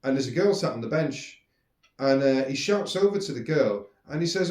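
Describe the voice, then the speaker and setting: A man, casually telling personal stories in a rambling, animated way, with some swearing. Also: fairly high pitch, moderate pace. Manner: rambling, animated, swears, acts out quoted speech. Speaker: podcast host. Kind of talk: casual storytelling monologue. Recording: roomy echo.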